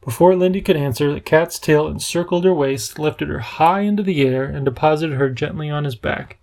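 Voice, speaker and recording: Male audiobook narrator, gravelly texture, clear storytelling read. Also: a little high, normal speed, a little mellow.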